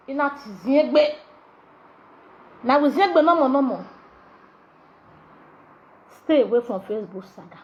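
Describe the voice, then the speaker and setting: A woman with a Nigerian accent rants to camera in Pidgin, her voice pitched high as she scolds and mocks in looping, sing-song repetitions. The sound is dull and lo-fi, like a cheap phone recording. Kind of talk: ranting monologue in Nigerian Pidgin. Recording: dull lo-fi audio.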